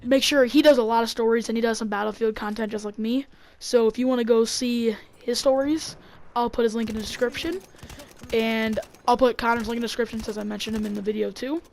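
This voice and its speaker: A young woman rambling through a story on her channel, full of fillers and quick laughs. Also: on the high side, steady tone, gravelly, a little mellow. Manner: rambling, filler-heavy, laughing between lines. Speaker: YouTuber. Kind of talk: casual storytelling.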